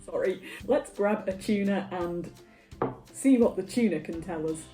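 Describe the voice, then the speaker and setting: A woman's voice: medium pitch, a little slow, mellow. A woman making a casual music vlog, talking in a dry, self-deprecating way. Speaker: vlogger.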